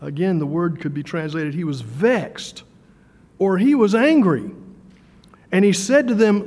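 A man preaching a sermon in a conversational way, with fillers and repeated words, slowing down for emphasis. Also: high voice, animated, darkish tone. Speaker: pastor. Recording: long hall reverb.

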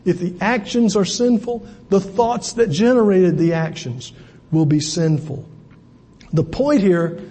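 A man's voice: fairly high pitch, dark tone, husky. A man preaching a sermon as pastor, talking conversationally with asides and repeated words. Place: church sanctuary. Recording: long hall reverb.

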